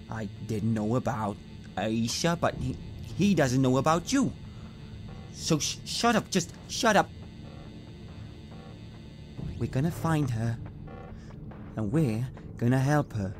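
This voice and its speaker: A man voicing a tense male criminal who mutters an inner monologue to himself, clipped and self-scolding. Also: mid-range voice. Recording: clear music behind the voice. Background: music.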